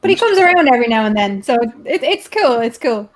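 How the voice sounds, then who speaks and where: A woman with a Dublin Irish accent, hosting a relaxed chat. Her voice sits on the higher side, and she often stammers and repeats herself as she talks. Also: fast talker. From Ireland. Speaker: host. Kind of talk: casual chat.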